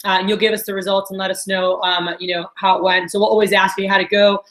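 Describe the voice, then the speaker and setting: A woman trains a sales team in an upbeat coaching style, often checking in with "all right?" Her medium-pitched, fairly bright voice is level and fast with hardly any pauses, captured in an echoey room on a rough recording of this group training talk.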